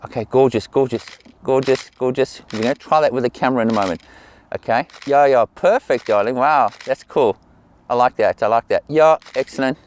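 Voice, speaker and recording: A middle-aged man directs a portrait shoot outdoors, and he keeps repeating soft praise to his model between quiet asides about his camera. His voice sits at an ordinary middle pitch. The sound is picked up by the camera's own mic out in an open field. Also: a little fast, slight background noise. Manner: encouraging, repeats praise words. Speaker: portrait photographer.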